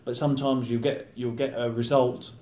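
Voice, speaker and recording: A man's voice: mid-range voice, little pitch movement, normal speed, dark tone. A thirty-year-old man, a professional footballer, chatting casually in an interview and acting out his teammates' banter. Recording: roomy echo.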